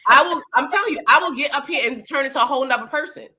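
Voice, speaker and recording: A woman co-hosting a casual chat show, blunt, profane and animated. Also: high-pitched, rapid-fire. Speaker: podcast co-host.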